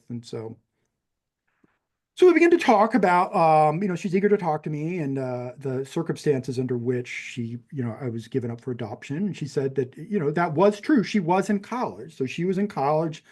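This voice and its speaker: A man in his fifties from New Mexico, USA, speaks in a slightly high, slightly mellow voice with a general American accent. Appearing as a podcast guest, he tells a personal story conversationally, rambling with many fillers and false starts.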